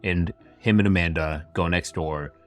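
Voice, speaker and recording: Male podcast host, very low voice, casual chatty true-crime retelling, faint music underneath. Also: moderate pace. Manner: chatty retelling full of "like" and asides. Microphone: camera-facing setup.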